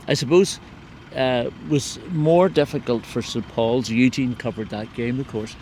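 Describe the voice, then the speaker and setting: A man hosting a local news podcast, talking in a loose, relaxed way with many fillers and restarts. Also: mid-range voice, a little hiss or hum. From Northern Ireland. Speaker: podcast host. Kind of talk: casual local news chat.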